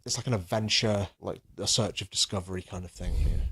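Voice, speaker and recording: A man's voice: sits low, steady tone, brisk, a bit bright, breathy edge. A man co-hosting a comedy podcast, telling a story in a mock-serious murmur. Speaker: podcast co-host. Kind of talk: deadpan comic podcast banter.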